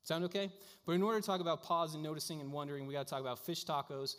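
A male pastor preaches a sermon in a casual, storytelling way, full of little fillers. His voice sits a bit high for a man. It rings out with a long reverb, as in a church sanctuary. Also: steady tone, very fast, a bit bright.

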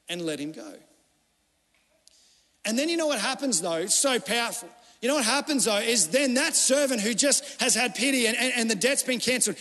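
High-voiced pastor in an echoing hall. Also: male voice, a bit bright. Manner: conversational storytelling preaching, acting out quoted voices. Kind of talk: sermon. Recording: long hall reverb.

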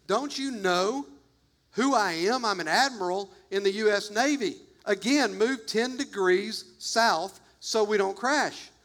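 A man's voice: sits high, slow pace, a bit bright, full character voice. A man voicing an irritated navy admiral who barks orders while telling a story in a sermon. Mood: indignant. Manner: barking orders, indignant.

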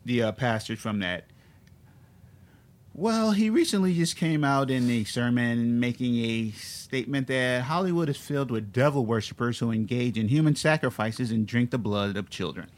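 Podcast co-host, male, chatty storyteller, laughs a lot, average pitch. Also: animated, normal speed. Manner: storytelling, laughs often, stammers on starts. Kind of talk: casual comedy chat.

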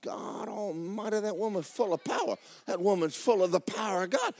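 A middle-aged male pastor, preaching a sermon in a folksy storytelling way that climbs into shouts. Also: high-pitched, moderate pace, few pauses.

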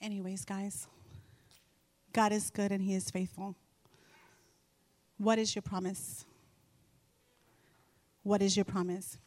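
A middle-aged woman sharing a Christian testimony with an audience, telling her story in an animated way and repeating phrases for emphasis. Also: mid-range voice, slow, long pauses, no echo. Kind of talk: faith testimony told to an audience.

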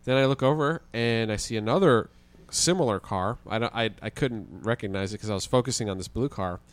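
A man, a guest on a podcast, telling a story in a casual, animated way with the odd swear word. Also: on the low side, a little fast, clean tone, dry recording. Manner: animated, vivid retelling with occasional swearing.

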